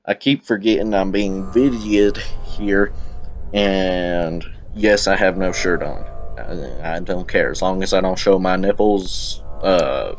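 Chatty low-voiced Southern young man. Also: slow pace, highs cut off, faint music behind. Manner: rambling, chatty, self-interrupting. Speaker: gameplay YouTuber. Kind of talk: casual let's-play commentary. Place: at home. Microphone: computer camera mic.

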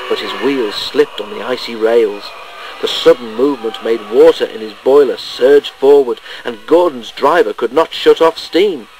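A man reading a children's train storybook aloud in an expressive way. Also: medium pitch, slight background noise, poor audio.

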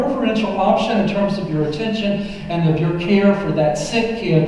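A man in his sixties giving a personal testimony sermon in a church, halting with many fillers and restarts. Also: a little high, warm tone, a little hiss or hum. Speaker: preacher. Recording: echoey hall, voice from a distance.

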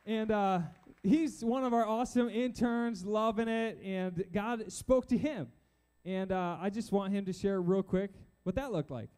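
Young male preacher, high mellow voice, animated storyteller. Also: measured pace, clean tone. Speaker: youth pastor. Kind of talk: sermon. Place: church stage before a crowd.

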